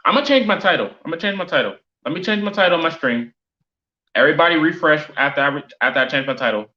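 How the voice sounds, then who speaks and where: A man's voice: a little high, lively intonation, quick pace, bright, forceful tone. A man streaming live, reacting to a football ranking in an exasperated, incredulous rant that keeps repeating itself. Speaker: sports streamer. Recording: roomy, dull lo-fi stream audio.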